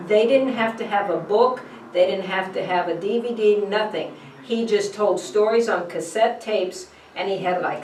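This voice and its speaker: A middle-aged woman teaching a Bible college class, lively and coaxing, often checking in with her students. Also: mid-range voice, moderate pace, slight background noise. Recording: echoey classroom from far off.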